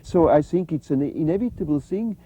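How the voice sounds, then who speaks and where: An older man, answering interview questions in a halting, reflective way with many fillers. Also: on the high side, lively intonation, mellow, slightly rough, dry recording. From Switzerland. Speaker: interview guest.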